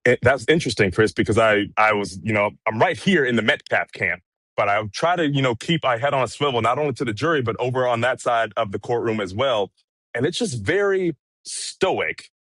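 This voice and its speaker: A man giving a casual, measured account of a day in court, recounting events with frequent fillers. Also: medium pitch, expressive, a bit bright, dry recording. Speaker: courtroom correspondent. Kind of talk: casual commentary chat.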